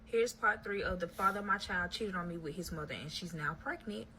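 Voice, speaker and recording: A woman's voice: lowish voice, fairly quick, sharp tone, slight background noise, rough recording. A woman telling a story straight to her viewers in a casual vlog, blunt and heavy on profanity. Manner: acts out quotes in other voices. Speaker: storyteller recounting a breakup.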